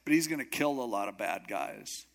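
A man's voice: medium pitch, lively intonation, normal speed, vocal fry. A man voicing God in a sermon retelling as a blunt, matter-of-fact figure who hands out orders.

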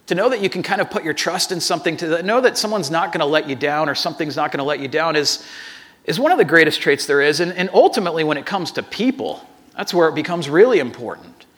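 Bright, high-voiced man telling a story. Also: quick pace. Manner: animated storyteller, acts out dialogue with restarts. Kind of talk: sermon storytelling.

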